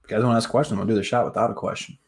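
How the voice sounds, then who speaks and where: A man's voice: lowish voice, steady tone, rapid-fire, creaky, slightly rough. A young man from the Detroit area hosting a casual sports live stream, talking straight to viewers in a hyped way with lots of fillers.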